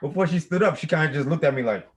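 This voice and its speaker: A man's voice: fairly high pitch, rapid-fire, low-quality recording. A young man co-hosting a podcast in casual chat, rambling with many restarts. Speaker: podcast co-host.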